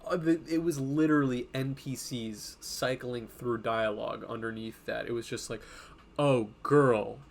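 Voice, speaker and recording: A man talking to his viewers on a live stream in a loose, meandering way. He swears freely and laughs between thoughts, in a voice of ordinary middle pitch. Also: steady tone, moderate pace, vocal fry, few pauses, slight background noise. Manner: rambling and profane, laughs often. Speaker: streamer and comic artist. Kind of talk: casual live-stream chat.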